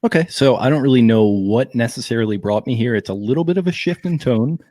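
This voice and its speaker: A man co-hosting a podcast in casual chat, laid-back and rambling, sometimes slipping into quick impressions. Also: mid-range voice, expressive, warm tone, dry recording. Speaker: podcast co-host.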